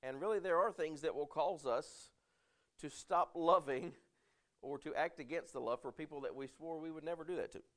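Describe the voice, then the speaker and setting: A pastor with a slightly high voice gives a conversational sermon, reading scripture slowly and loudly. He then talks with the congregation, asking questions and using fillers and restarts.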